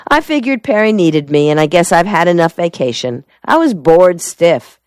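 Woman reading a husky, sardonic male detective, slow drawl, low pitch, dry close sound. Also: big pitch swings, a little mellow, no echo.

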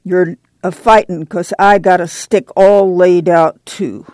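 A woman's voice: on the low side, steady tone, takes it slowly, a little mellow, dry recording. A woman voicing a tough, determined mother of a poor migrant family, firm and plain-spoken, in an audiobook reading. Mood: stern. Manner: firm, blunt, plain-spoken rural drawl.

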